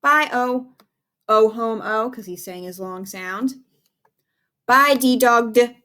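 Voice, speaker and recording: Young female teacher for a kids' phonics video; unhurried, patient, sing-song delivery. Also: on the low side, vocal fry, a bit bright. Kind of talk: remote phonics lesson for young children.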